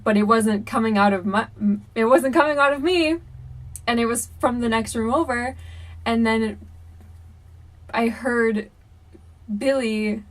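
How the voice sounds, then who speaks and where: A young woman YouTuber telling a spooky personal story to camera in a chatty, animated way, full of "um" and "like.". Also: fairly high pitch, distant mic. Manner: chatty, animated, many fillers like "um" and "like".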